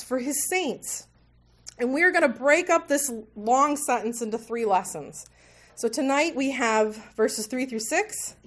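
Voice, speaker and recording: A woman with a fairly high voice teaches a Bible study group. She talks in a relaxed, conversational way, with small jokes and mid-sentence self-corrections. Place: meeting room with tables.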